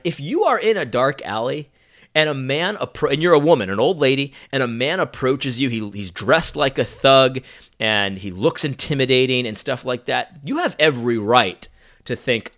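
A young man giving a sarcastic, animated opinion monologue full of restarts. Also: medium pitch, moderate pace. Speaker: commentator.

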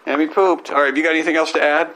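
A middle-aged man, a comedian, chatting casually on a family podcast and telling stories with quick self-corrections. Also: fairly high pitch, steady tone, pushed and bright, a little hiss or hum, rough recording.

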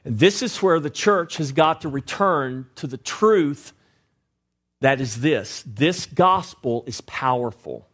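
A man's voice: fairly high pitch, lively intonation. A male preacher delivering a direct, exhorting sermon to his church. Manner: direct, exhorting, rises louder and quicker when pressing a point.

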